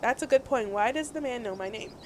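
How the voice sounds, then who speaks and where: A young woman casually commenting and reading game text aloud, giggly and animated. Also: on the high side, a little fast, a little hiss or hum. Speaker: gaming channel host. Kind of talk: let's play commentary.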